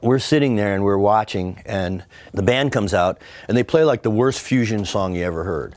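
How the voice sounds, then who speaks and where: A man, a record producer and guitarist, telling an anecdote in an animated way and mimicking the music with sound effects. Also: lowish voice, moderate pace. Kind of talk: storytelling anecdote.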